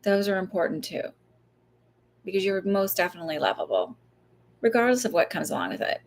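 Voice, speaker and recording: A woman psychic medium gives casual advice on a live stream, her medium-pitched voice swinging widely in pitch at a brisk pace. She's chatty and rambling, swears, laughs easily, and acts out little voices.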